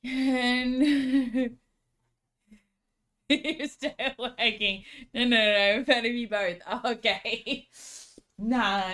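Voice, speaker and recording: A woman's voice: fairly high pitch, steady tone, very slow, long pauses, fairly bright tone. Playful Australian woman streamer. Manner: playful, laughs often, baby-talks to her dog. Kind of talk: casual chat with viewers.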